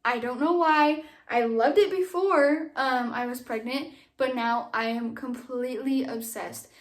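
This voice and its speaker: A young woman with a high-sitting, slightly slow voice vlogs casually to camera from a nursery in her home. She rambles, uses lots of fillers and sounds a little out of breath.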